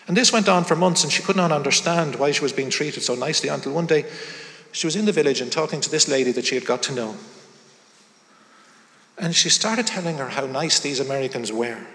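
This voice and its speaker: A man preaching a sermon, telling a story dramatically and shifting between loud passages and hushed ones. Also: medium pitch. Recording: long hall reverb.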